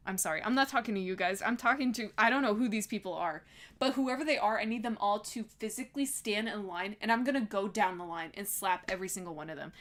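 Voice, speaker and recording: A woman's voice: mid-range voice, brisk, a bit bright. Ranting young woman in her twenties. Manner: heated ranting, swearing, laughing between lines. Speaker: streamer reading chat. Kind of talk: casual livestream chat.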